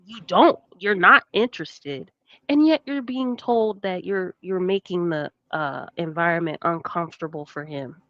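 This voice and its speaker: A woman's voice: lowish voice, unhurried, fairly bright tone, no echo. Pointed woman, dull dry sound. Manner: pointed, tries to steer the talk. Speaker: panelist. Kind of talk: heated casual debate.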